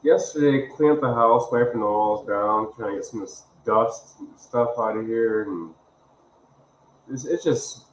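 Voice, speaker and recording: A man's voice: mid-range voice, measured pace. Man, stream guest, easygoing rambling talk, faint hiss behind, roomy sound. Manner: laid-back, rambling, trailing off. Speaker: livestream guest. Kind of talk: casual live chat. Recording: echoey room, faint background noise.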